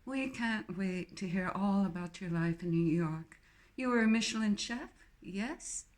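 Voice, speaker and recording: A woman voicing a snobbish, condescending English woman with a posh accent and drawn-out, mocking delivery. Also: medium pitch, close to an everyday voice. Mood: smug.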